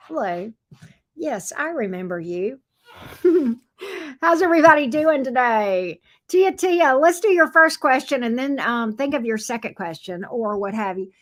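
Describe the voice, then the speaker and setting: Woman, tarot reader on a live stream, bright higher pitch, casual and chatty with lots of fillers and restarts. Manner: chatty, greets viewers by pet names, many fillers and restarts.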